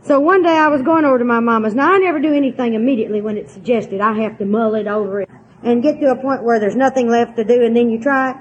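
A woman's voice: a little high, fast, muffled recording, slight background noise. An older woman, candidly telling a personal recovery story in a homespun, frank way. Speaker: twelve-step speaker.

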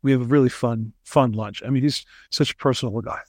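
A man being interviewed as a ghostwriter, telling animated stories with frequent restarts. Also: medium pitch, quick pace, no room sound, studio quality. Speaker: ghostwriter guest. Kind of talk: casual interview storytelling.

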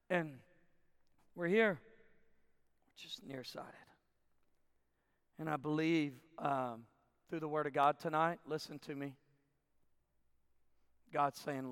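A man in his forties from Arkansas delivers a sermon in a high, resonant voice. He tells his story with animated bursts of shouting and falls back to hushed intensity. The dry close sound is followed by a long reverb from the large hall. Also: unhurried, creaky. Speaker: camp preacher.

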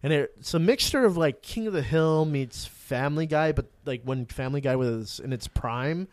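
A young man co-hosting a casual chat, retelling scenes in an animated way with lots of swearing and filler words. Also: a little high, normal speed, no echo. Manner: animated storytelling, heavy swearing, frequent "like".

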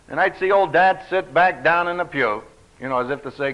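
With a slightly high voice and a quick pace, a man teaches a Bible study in an animated, emphatic style. Dry humor colors his talk, and the recording is dull and lo-fi.

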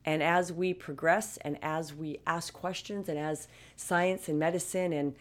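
Woman in her fifties, low voice, chatty, emphatic, personal talk to viewers. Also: fairly even intonation, measured pace. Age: 50s. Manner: chatty and emphatic, with frequent restarts.

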